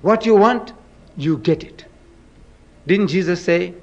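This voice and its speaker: A man's voice: high-pitched, slow pace, creaky, a little mellow. Emphatic man debating, dull recording. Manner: emphatic, rhetorical questions to the audience; dramatic, acts out scripture quotes. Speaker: speaker in a religious debate. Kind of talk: public debate lecture.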